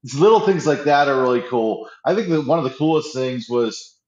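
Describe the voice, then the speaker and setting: Excitable man in a roomy dull-sounding room. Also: mid-range voice, brisk. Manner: enthusiastic, restarts often, acts out quotes. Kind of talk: casual pop-culture chat. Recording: roomy, slightly dull audio.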